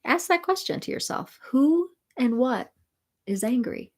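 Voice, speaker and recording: A woman spiritual mentor and sound healer, talking gently and soothingly to viewers of a live stream. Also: high-pitched, expressive, unhurried.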